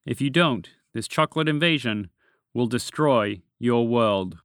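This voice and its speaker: A man's voice: medium pitch, lively intonation, measured pace, fairly bright tone, clean tone, dry recording, clean studio sound. A man doing a curious shape-shifting dragon in disguise. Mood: commanding. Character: curious human who is secretly a dragon.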